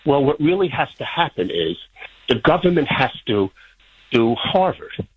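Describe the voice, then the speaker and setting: A man's voice: medium pitch, big pitch swings, unhurried, husky. A man from Florida calling in to a talk radio show, eager and insistent to make his point. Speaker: caller. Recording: tinny phone line.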